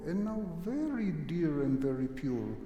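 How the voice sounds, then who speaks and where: A man's voice: fairly high pitch, sing-song, a little slow. A man teaching a piano master class in a concert hall, coaching a young pianist with vivid images and humming phrases to show how they should go. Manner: sings and hums phrases to demonstrate; uses vivid imagery to explain the music.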